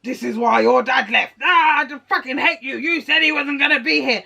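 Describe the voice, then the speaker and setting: A woman acting out an angry, volatile young man who shouts bitterly as she retells a scene. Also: sits high, moderate pace, vocal fry, heavily acted.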